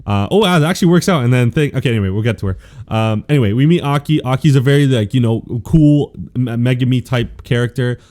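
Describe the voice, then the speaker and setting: A man co-hosting a casual podcast, rambling through an animated, slangy retelling of recent episodes. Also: mid-range voice, fast talker. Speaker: podcast co-host. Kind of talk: casual anime recap chat.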